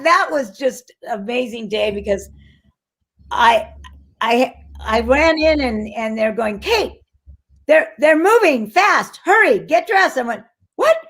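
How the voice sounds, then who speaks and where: An older woman tells stories as an interview guest, her voice pitched a little high. She talks animatedly, restarts her sentences often and acts out the voices of people she quotes. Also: fairly bright tone. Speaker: actress guest. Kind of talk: casual interview storytelling.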